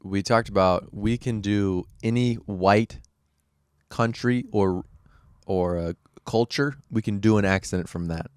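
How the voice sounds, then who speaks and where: A low-voiced American man talks through a casual podcast conversation with a smooth, resonant tone. He hesitates often, filling pauses with ums and rephrasing as he goes. The sound is dry and close. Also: darkish tone, dry recording. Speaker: podcast co-host.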